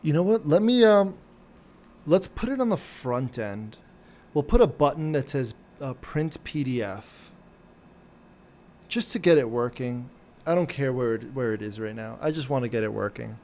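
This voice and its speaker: A man streaming live as he programs, thinking aloud and questioning himself in halting, muttered phrases. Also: mid-range voice, expressive, darkish tone.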